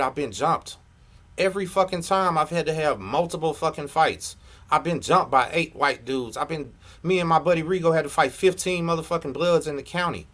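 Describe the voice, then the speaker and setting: A middle-aged Texan who hosts a prison story channel rants at a rival during a heated live reaction, confrontational and profane, repeating "you know what I'm saying." His voice is a little high with a fairly bright tone.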